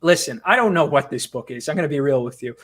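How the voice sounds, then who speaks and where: A man with a fairly high voice, speaking as the guest writer in a casual interview. He tells stories with lively, self-mocking energy, his voice jumping up when he gets excited. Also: quick pace. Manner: animated, self-mocking storyteller. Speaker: comic book writer, guest.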